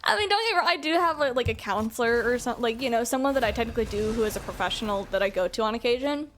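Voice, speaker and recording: A woman's voice: a little high, expressive, rapid-fire, a bit bright, a little hiss or hum. Candid young woman streamer, rambling. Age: young adult. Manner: candid, rambling, heavy on filler words. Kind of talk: casual chat while gaming.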